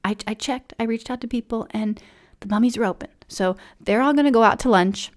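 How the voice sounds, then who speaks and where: A woman voicing a male local tour guide who speaks in a hushed, partly whispered way while sharing a secret plan. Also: a little high, fairly quick, natural voice. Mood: secretive, hushed.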